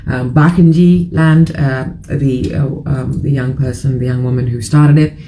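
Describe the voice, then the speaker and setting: A woman's voice: a bass voice, steady tone, moderate pace, a little hiss or hum, rough recording. A middle-aged woman hosting a casual morning chat show, rambling and frank, a little tired. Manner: chatty, rambling, frank and irreverent. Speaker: live show host.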